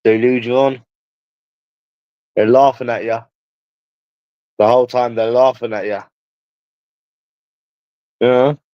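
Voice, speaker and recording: A man's voice: mid-range voice, fairly even intonation, takes it slowly, pauses often, smooth, no echo. A man with a London accent talking casually to viewers in a rambling, crude way, swearing freely. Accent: London English. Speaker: livestreamer. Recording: dull lo-fi dry sound.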